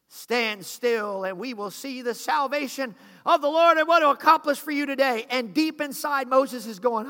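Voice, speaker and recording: A man's voice: very high-pitched, normal speed, pushed and bright. A man preaching a sermon as pastor, calling on the congregation and acting out voices. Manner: preaching with rising intensity, calls to congregation, acted asides. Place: church sanctuary. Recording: long hall reverb.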